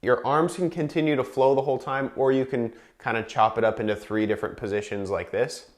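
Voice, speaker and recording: A man leading a chair yoga breathing class, counting breaths slowly and calmly and explaining each exercise. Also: medium pitch. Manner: slow, calm counting with explanations.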